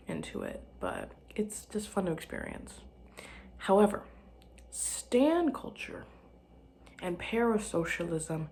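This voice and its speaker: A woman's voice: fairly low pitch, wildly swooping pitch, measured pace, creaky, long pauses, darkish tone, a little hiss or hum. A tired young woman from Arkansas with a light Southern lilt, rambling casually on her solo podcast and often dropping to a whisper. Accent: light Southern American. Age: young adult. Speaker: podcast host.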